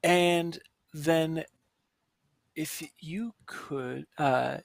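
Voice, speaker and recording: Man game master, slightly high voice, halting and full of ums, dry close sound. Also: creaky, dry recording. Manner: hesitant, many fillers, thinks aloud. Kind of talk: narrating a tabletop game.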